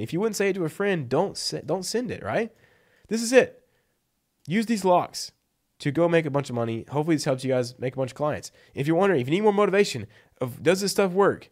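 A man giving blunt, emphatic copywriting advice in a casual vlog, tossing in "like" and "right?" as he goes. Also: a little high. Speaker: freelance copywriting coach.

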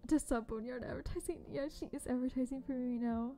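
A young woman streaming a game, chatting casually and bubbly with her viewers, often dropping to a soft whisper. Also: high-pitched, steady tone, fast. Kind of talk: casual livestream chat. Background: faint background music.

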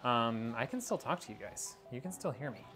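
A man's voice: mid-range voice, expressive, fairly quick, over loud music. A man rambling casually to his viewers while building a PC, a little out of breath, talking on a wireless mic. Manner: rambling, chatty, talks to viewers as y'all. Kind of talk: casual live-stream chat. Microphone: wireless clip-on mic.

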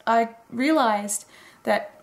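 A woman's voice: a little high, slow pace, creaky. A woman in her twenties rambling casually through a late-night video diary, chatty and full of fillers. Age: 20s. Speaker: daily vlogger.

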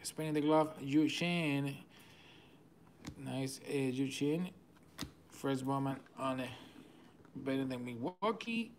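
A man's voice: medium pitch, slight background noise. A man with a Venezuelan Spanish accent, hosting a card break and rattling off names as he opens packs. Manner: rapid-fire listing of cards, excitable, chuckling. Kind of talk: live card-opening commentary.

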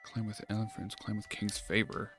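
A man giving casual let's-play commentary, thinking aloud, swearing often and getting excited. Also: fairly low pitch, moderate pace. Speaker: gameplay streamer. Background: game music.

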